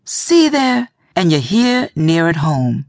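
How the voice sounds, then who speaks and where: A woman's voice: on the low side, sing-song, slow pace, no echo, studio quality, exaggerated voice. A woman playing a firm, coaxing mother. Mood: urging. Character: middle-aged mother, firm and encouraging.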